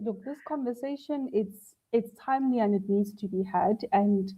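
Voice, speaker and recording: A woman's voice: mid-range voice, warm tone, dull audio. A woman on a panel, explaining things conversationally with lots of everyday questions. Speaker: panel speaker.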